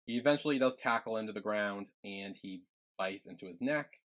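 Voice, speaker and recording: A man's voice: lowish voice, normal speed, a bit bright. Young man retelling scenes loosely. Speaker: podcast co-host. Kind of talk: casual recap chat.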